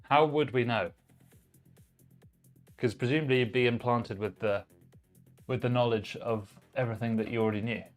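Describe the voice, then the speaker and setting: Casting: relaxed male streamer, mid pitch, chatting to chat mid-build, faint music underneath. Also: normal speed, long pauses. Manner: chatty, relaxed, reads chat messages aloud while working. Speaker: livestream host building a PC. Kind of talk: casual live-stream chat.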